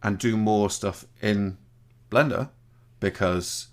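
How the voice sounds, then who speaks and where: A man's voice: on the low side, slow. A man from England chatting casually on a podcast, rambling with frequent restarts and self-corrections, with jokey teasing banter. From Shropshire, England.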